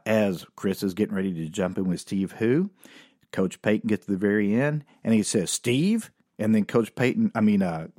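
A middle-aged man tells a comic story from his youth in a rather low voice. He talks loosely, with plenty of "uh"s and "you know"s, and drops dry, wry asides. The sound is close and dead, with no room echo at all. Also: darkish tone. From Oklahoma. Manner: wry, dry asides, casual with many fillers. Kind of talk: comedic personal storytelling.

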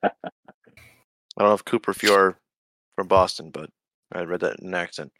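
A man's voice: low-pitched, steady tone, moderate pace, bright, forceful tone, slight background noise. A man hosting a casual hockey podcast, playful and joking with his co-hosts. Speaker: podcast host. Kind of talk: casual sports podcast chat.

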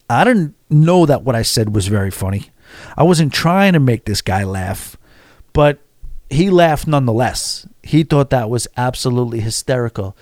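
A man in a vlog, telling a story in a chatty, animated way and acting out what people said. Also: mid-range voice, moderate pace, no room sound, clean studio sound. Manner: animated, chatty, acts out quotes. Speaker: vlogger. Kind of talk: casual storytelling.

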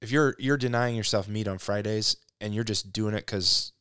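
A man's voice: on the low side, normal speed, a bit bright, smooth, no echo, studio quality. A man co-hosting a casual faith discussion podcast, earnest and reflective, thinking aloud as he talks. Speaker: podcast co-host.

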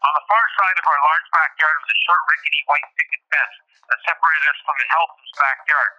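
A man hosting a podcast, reading his own memoir aloud in a steady, formal way. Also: on the high side, fairly quick, muffled recording. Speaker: podcast host.

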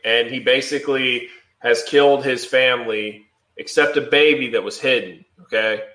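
A man co-hosting a podcast, talking in a loose, rambling way with a steady stream of fillers. His voice is bright, and the room rings with echo. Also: mid-range voice, normal speed. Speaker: podcast co-host. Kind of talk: casual chat.

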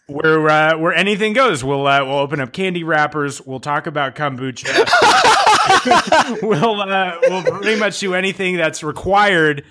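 A man hosting a podcast, joking and laughing often in relaxed banter. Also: fairly high pitch, a little slow. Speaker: podcast host. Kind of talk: casual chat.

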